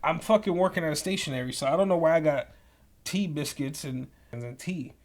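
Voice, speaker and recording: A young man telling profane, animated work stories as a podcast co-host. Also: a little high, brisk. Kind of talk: casual storytelling.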